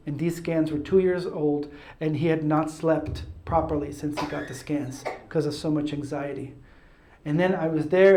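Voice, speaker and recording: A man's voice: on the high side, dark tone. Chatty man in a roomy space. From Italy. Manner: chatty, self-mocking, laughs at his own stories. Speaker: speaker. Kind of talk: casual testimony talk. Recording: roomy echo.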